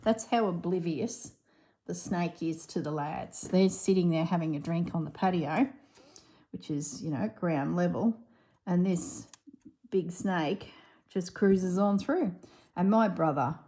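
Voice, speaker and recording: A woman's voice: lowish voice, unhurried, dark tone. A middle-aged woman, chatting casually and laughing as she tells a story during a crafting vlog. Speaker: crafting vlogger. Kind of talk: casual chat while crafting.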